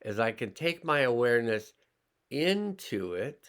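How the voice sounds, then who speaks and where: A man teaching a healing class, slowly and calmly talking listeners through sensing their body and emotions. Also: mid-range voice, clean tone. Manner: slow, calm, pausing, guiding listeners' awareness. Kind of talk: slow guided healing demonstration.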